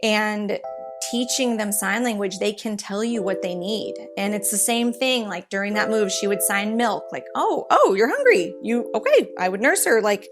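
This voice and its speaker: Woman in her 30s on a podcast, chatty and animated, keeps restarting her sentences. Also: medium pitch, music in the background. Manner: animated, rambling anecdotes with quick restarts. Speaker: podcast guest, author. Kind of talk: casual interview storytelling.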